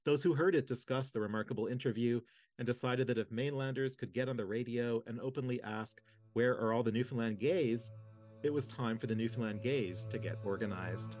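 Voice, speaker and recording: Steady male narrator, dry close sound. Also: mid-range voice, dry recording. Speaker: reader of a history book. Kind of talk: audiobook-style reading.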